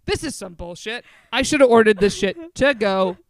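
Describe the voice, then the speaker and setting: A woman, co-hosting a podcast and telling animated, profane, self-mocking stories in casual chat. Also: mid-range voice, normal speed. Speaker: podcast co-host.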